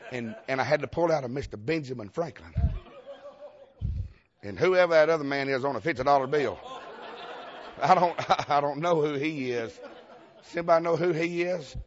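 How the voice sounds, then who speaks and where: Southern male Baptist preacher, fairly high voice, folksy storytelling sermon, dull lo-fi sound. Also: normal speed, long pauses, a faint crowd. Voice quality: folksy, emphatic, laughs often, calls for amens.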